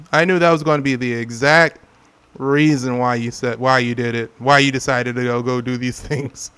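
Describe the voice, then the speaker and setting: A man's voice: mid-range voice, steady tone, moderate pace, fairly bright tone, clean tone. A young adult man streaming gameplay, chatting casually with viewers, joking and laughing often. He is from California. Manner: laughing often, joking, acts out silly quotes. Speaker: gaming streamer.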